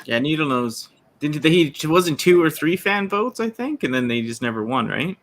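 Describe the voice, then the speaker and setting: Chatty man with a bright voice. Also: on the high side, animated, moderate pace. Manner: chatty, loose, trailing off. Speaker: panel guest. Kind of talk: livestream panel chat. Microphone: video call.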